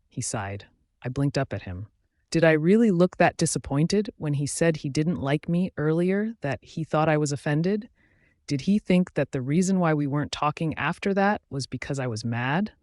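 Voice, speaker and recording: A man reading a romance novel aloud in a steady, even first-person narration. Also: a little high, normal speed, no echo, studio quality. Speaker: audiobook narrator.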